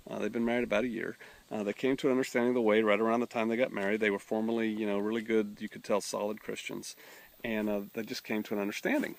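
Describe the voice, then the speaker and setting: A man's voice: on the low side, fairly even intonation, fast, gravelly, no echo. A middle-aged man, a pastor telling a folksy story and acting out the voices of the people in it. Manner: folksy, drawling, acts out voices in his story. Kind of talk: storytelling testimony.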